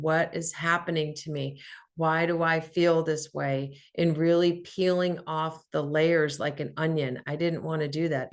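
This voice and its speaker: Earnest woman host, slightly low voice, frank self-help talk, casual cursing. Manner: candid, earnest, swears casually. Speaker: podcast host. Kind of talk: personal motivational talk.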